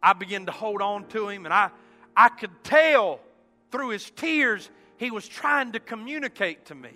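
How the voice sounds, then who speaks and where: Preacher man, bright high voice, storytelling sermon in a reverberant sanctuary, loud-to-hushed delivery. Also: animated, moderate pace, soft background music. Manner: swings from loud exclaiming to hushed tones. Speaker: pastor. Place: church sanctuary.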